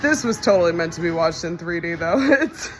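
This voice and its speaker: A woman's voice: on the low side, animated, fairly quick, soft background music. A young woman in casual movie reaction commentary, chatty and wry, often incredulous and laughing.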